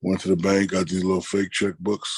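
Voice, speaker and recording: A middle-aged man, an interview guest, telling stories in a relaxed, conversational way and acting out the people he quotes. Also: deep voice, fairly quick, breathy edge, no room sound. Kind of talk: casual storytelling.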